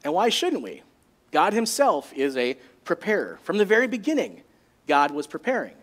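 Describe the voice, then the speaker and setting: A man preaching a sermon as a pastor, in a jokey and animated way. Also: sits high, normal speed.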